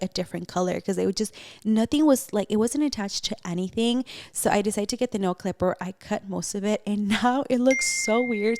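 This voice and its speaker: A young woman vlogger chatting casually to her viewers, telling animated stories in a gossipy, friendly way. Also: mid-range voice, no echo, studio quality. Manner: chatty, animated storytelling, addresses viewers as bestie. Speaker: vlogger host. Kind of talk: casual chat to camera.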